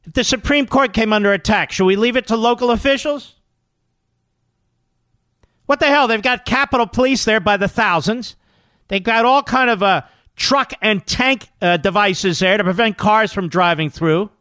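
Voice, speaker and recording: A man's voice: sits high, normal speed, pushed and bright, no room sound. A man hosting a talk radio show, delivering combative, scornful commentary into a studio microphone.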